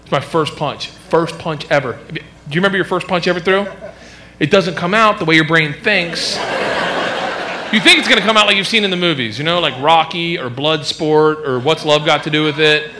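A man doing a stand-up comedy routine, acting out characters and shouting punchlines. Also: a little high, a little fast. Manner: animated, switches to acted-out voices and shouted punchlines. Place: live comedy stage before a large audience. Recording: live show with loud crowd laughter and noise. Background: loud audience laughter.

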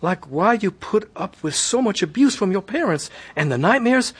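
A gentle husband, husky-edged, animated intonation. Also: male voice, high-pitched, normal speed. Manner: gentle, reassuring. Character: caring, steady husband, man.

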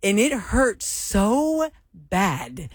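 A woman co-hosting a radio talk show tells a story with lively, dramatic emphasis. Her voice sits at a middle pitch and sounds close and dry in a studio. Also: drawn-out words, husky, dry recording. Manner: animated, dramatic retelling. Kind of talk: casual chat, storytelling.

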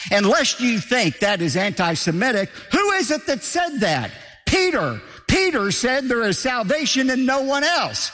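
A man's voice: very high voice, pushed and bright, big-room sound. A man preaching a sermon as pastor, emphatic and driving his points home by repeating key phrases.

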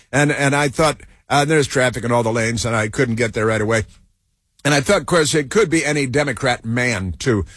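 A man hosting a talk radio show, telling a story in a sarcastic, deadpan way. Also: medium pitch, dry recording, studio quality. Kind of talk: casual talk radio monologue.

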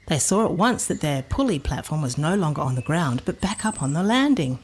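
Husky-voiced woman reading a storybook. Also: low voice, brisk. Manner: expressive, playful. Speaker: narrator. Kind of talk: storybook narration.

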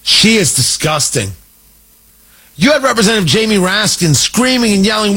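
A man's voice: high-pitched, big pitch swings, a little fast, creaky, pushed and bright, breathy edge, low-quality recording. A man hosting a political commentary show, talking in an indignant, emphatic way with mocking asides. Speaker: talk show host.

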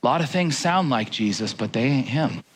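Animated man giving a chatty Bible teaching. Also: medium pitch, moderate pace. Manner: animated, conversational, addresses listeners directly. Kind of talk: casual sermon-style Bible teaching.

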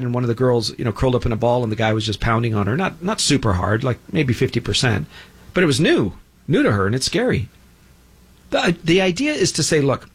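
A man's voice: medium pitch, breathy edge. A middle-aged man hosting a show, talking in an emphatic, preachy monologue and mocking imagined objectors in put-on voices. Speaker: show host. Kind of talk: opinionated monologue.

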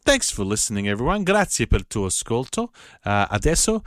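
A man giving a patient, casual spoken lesson, repeating words slowly and spelling them out. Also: medium pitch, sing-song, fairly bright tone, no room sound, studio quality. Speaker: Italian language teacher.

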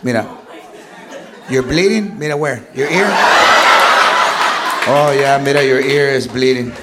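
A man's voice: medium pitch, a little slow, voice pushed down, natural voice. A stand-up comedian acting out his stern Mexican mother scolding her young son, threatening and mixing Spanish slang into English, with a Mexican-American accent. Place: live comedy club. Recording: loud crowd laughter, noisy club.

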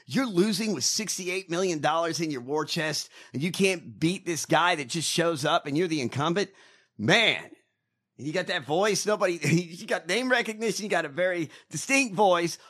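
A man with a slightly high voice and a lively, swooping delivery. He hosts casual political chat and is blunt and mocking, with heavy swearing. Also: moderate pace. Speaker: podcast host.

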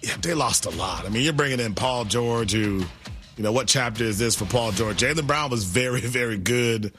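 A man's voice: medium pitch, normal speed, soft background music. A male sports radio co-host who reacts to calls and breaks down the teams in an agreeable way. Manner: agreeable, analytical, animated.

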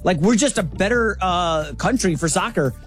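A woman co-hosting a sports talk show, setting up segments in a chatty, lively way. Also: lowish voice, normal speed, faint music behind. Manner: conversational, lively, frequent restarts.

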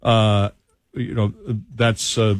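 A man's voice: lowish voice, level tone, slow, clean tone, no room sound, clean studio sound. A man hosting a talk radio show, chatting with his co-host and then reading from a newspaper column, with frequent restarts. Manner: rambling, restarts, reads a column aloud. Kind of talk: casual talk radio banter and commentary. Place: radio studio. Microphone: studio headphones and mic.

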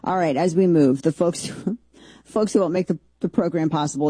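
Woman host, persuasive ad read, mellow husky tone, dry booth sound. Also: no room sound. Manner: persuasive, brisk sales pitch. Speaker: host reading an ad. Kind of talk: sponsor read.

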